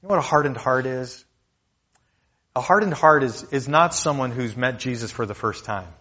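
A man delivers a sermon in a relaxed, conversational style. He often repeats key lines for emphasis and talks directly to his listeners. The recording sounds a little dull and muffled. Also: mid-range voice, normal speed. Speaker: pastor.

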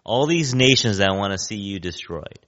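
A male pastor delivers a chatty sermon, his voice bright and swinging widely in pitch. He often pauses to ask "right?" The recording sounds a bit dull and lo-fi. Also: lively intonation. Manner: conversational, keeps asking "right?".

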